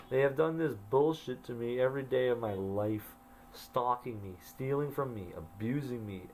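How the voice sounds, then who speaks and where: A man's voice: mid-range voice, a little mellow, slight background noise, low-quality recording. A man telling his own story, reading his old journal entries aloud and adding wry asides. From Canada.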